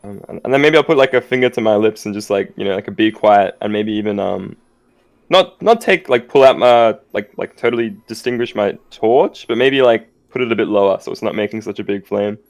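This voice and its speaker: A man's voice: on the low side, brisk. A man playing in a tabletop game over voice chat, talking hesitantly with many fillers as he plans his moves. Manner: hesitant, full of um and like. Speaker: player. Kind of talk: casual game talk.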